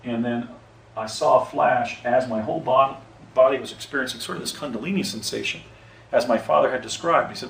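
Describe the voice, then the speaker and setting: Fairly quick and creaky, with a medium pitch that's a bit bright, a man narrates something he lived through, out on location and unscripted. His telling rambles with frequent corrections and restarts, and the distant mic catches roomy echo, faint ambience, and a little hiss or hum.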